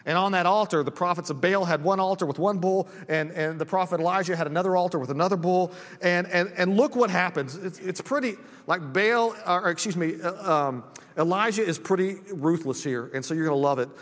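High-voiced male pastor, echoing sanctuary. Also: a little fast, a bit bright. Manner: conversational, many restarts and asides. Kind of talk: sermon. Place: church sanctuary.

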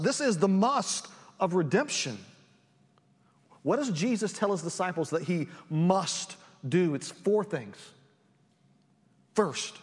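A man preaching a sermon as pastor, reading scripture and then teaching on it in an earnest, emphatic way, often restarting his words. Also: high voice. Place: church sanctuary. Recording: long church reverb.

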